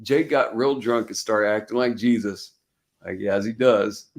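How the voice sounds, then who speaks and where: A man's voice: on the low side, a little slow. A man from Texas hosting a casual live-stream chat, telling stories with lots of swearing and laughter. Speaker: podcast host. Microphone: video call stream.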